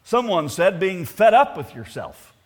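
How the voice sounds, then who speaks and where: A man's voice: high-pitched, sing-song, unhurried. A male pastor preaching a sermon, emphatic and putting rhetorical questions to the congregation.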